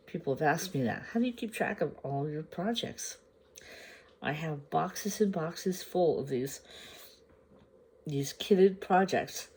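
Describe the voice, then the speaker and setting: A woman crafting vlogger chatting casually to the camera. She shows her projects at an unhurried pace, pausing to gather her thoughts and sometimes asking the viewers questions. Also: low-pitched, darkish tone, a little hiss or hum. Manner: unhurried, chatty, meandering with pauses. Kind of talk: casual show-and-tell chat to camera.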